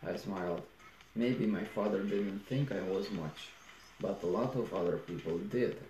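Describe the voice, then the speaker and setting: A man's voice: sits low, warm tone, slight background noise. A man reading a novel aloud, stumbling and restarting words as he goes. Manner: halting, frequent restarts and repeated words. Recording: roomy echo.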